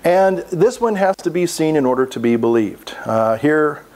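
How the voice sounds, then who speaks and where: A man's voice: fairly high pitch, lively intonation, normal speed, darkish tone. A man hosting a video countdown and introducing each clip. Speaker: channel host.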